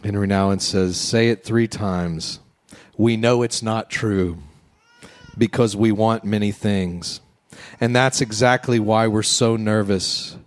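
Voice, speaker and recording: A man preaching a conversational sermon, then leading the congregation in a slow, quiet breathing prayer. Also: on the low side, fairly even intonation. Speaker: pastor.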